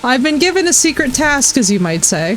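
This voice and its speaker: A woman's voice: high-pitched, very animated, brisk, a little hiss or hum, low-quality recording. A woman streaming a game live, reacting with laughter and swearing and chatting with her viewers. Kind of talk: live gameplay commentary.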